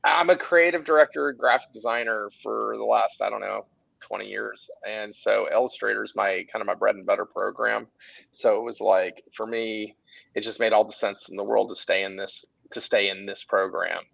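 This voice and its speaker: A man's voice: fairly low pitch, normal speed, vocal fry, dry recording, highs cut off. A man in his forties with a Southern Texas accent, an artist chatting casually and telling stories with lots of restarts. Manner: animated, rambling storyteller with frequent restarts. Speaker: artist and creative director. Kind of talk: casual chat on a livestream.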